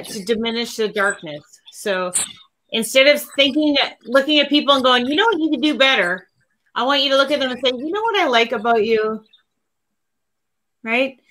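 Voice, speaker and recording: Co-host, woman, slightly high and very bright voice, earnest rambling tarot advice. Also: low-quality recording. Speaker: co-host reading tarot cards. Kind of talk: casual livestream chat.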